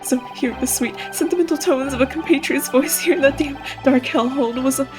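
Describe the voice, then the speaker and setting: A woman's voice: mid-range voice, normal speed, lightly acted. A woman voicing a paranoid, theatrical young male Japanese student held as a prisoner, speaking in florid alliterative outbursts over game music. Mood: gushing. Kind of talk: reading game dialogue aloud on a live stream.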